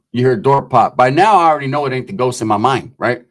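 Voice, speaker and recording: A man's voice: mid-range voice, expressive, fairly quick, slight background noise. Profane streetwise man telling prison stories. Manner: profane, streetwise, acts out voices of others. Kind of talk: casual storytelling.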